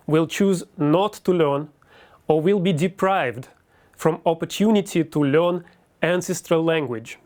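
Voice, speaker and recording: Man with a Russian accent, reading slowly. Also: on the high side, a little mellow. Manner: careful, deliberate word by word. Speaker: university lecturer. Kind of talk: slow, carefully articulated reading.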